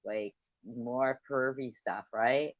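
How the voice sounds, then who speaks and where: Brief: mid-pitched woman, combative and profane, dry muffled sound. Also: fairly even intonation, slow, no echo. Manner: combative, swearing, demanding. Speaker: livestreamer. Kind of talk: heated online argument.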